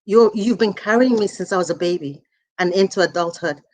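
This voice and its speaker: A woman's voice: mid-range voice, a little fast. Emotional woman in her forties paying tribute. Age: 40s. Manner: earnest, emotional, warm. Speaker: author's daughter, speaker. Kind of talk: heartfelt tribute speech.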